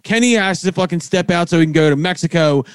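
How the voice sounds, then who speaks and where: Casual podcast host, male, profane storyteller, higher voice, dry mic. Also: fast talker, clean tone, no room sound. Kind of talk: casual chat.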